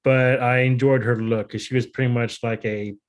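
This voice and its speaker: Male co-host for a casual podcast, easygoing recap delivery, average pitch. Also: normal speed. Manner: relaxed recapping, with fillers like "uh" and "um". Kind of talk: casual chat.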